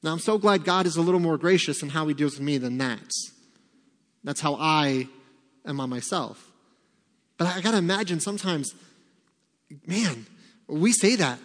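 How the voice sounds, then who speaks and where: A male pastor preaches with an emphatic, animated delivery, voicing quoted prayers and answers with rising force. His voice sits a little high. The sound carries a long reverb from a church hall. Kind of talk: sermon.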